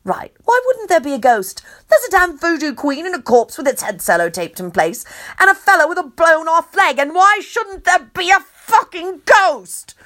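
A woman's voice: sits high, a bit bright. A woman narrating an audiobook in first person, exasperated, sarcastic and sweary.

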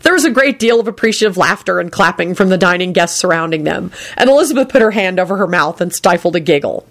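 A woman narrating a story aloud in an expressive storytelling manner. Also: on the low side.

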